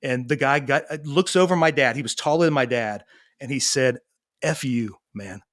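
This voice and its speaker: A man's voice: medium pitch, moderate pace, fairly bright tone. A man in his thirties, a parenting coach telling stories in a casual interview and acting out the dialogue as he goes. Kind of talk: conversational storytelling.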